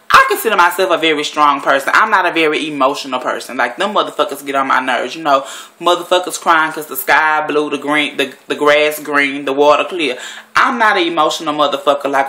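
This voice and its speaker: A woman's voice: sits low, pushed and bright. A woman vlogger telling a story in a blunt, profane and rambling way, sitting at home. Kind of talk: casual storytelling monologue.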